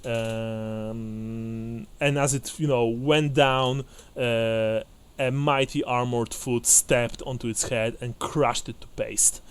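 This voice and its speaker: A man acts as game master for a tabletop game, narrating hesitantly with plenty of fillers and restarts and frequently letting out quick laughs. His medium-pitched voice is clear and resonant, with fairly even intonation.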